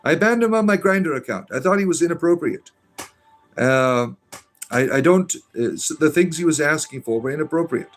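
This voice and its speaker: A Southern US man on a livestream, his voice sitting a little on the high side. He stumbles through uh's and restarts as he reads comments, then turns sarcastic and defiant. Soft music plays faintly underneath. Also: lively intonation, moderate pace. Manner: rambling, hesitant, with frequent uh and restarts. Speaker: livestream host reading chat. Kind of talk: casual livestream chat.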